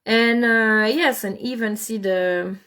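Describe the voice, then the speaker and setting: A woman telling a story in casual talk, animated, often repeating and restarting words. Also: fairly high pitch, slow, clear, resonant tone.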